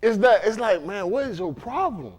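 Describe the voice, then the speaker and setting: A man from Dade County, Florida, preaches to a congregation in a loose, conversational style, frequently checking in with questions. His voice is high with lively intonation and a somewhat dark tone, at a normal speed, in a congregation room.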